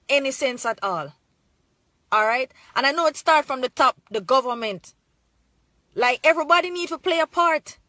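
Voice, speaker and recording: Jamaican woman soldier, high voice, dry close sound, earnest and urging straight to camera. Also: fairly bright tone, dry recording. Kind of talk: direct-to-camera appeal.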